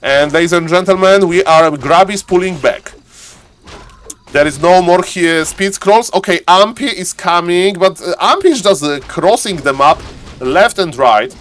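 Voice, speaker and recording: A man giving live game commentary as the caster, excitable and laughing often, repeating set phrases. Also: sits high, unhurried. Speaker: esports caster.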